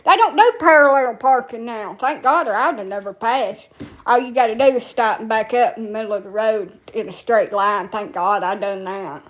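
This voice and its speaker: A woman from Alabama, USA, tells a story on TikTok in a casual rant, her voice a little high and her pace moderate. She's foul-mouthed, blunt, and rambling, with plenty of profanity.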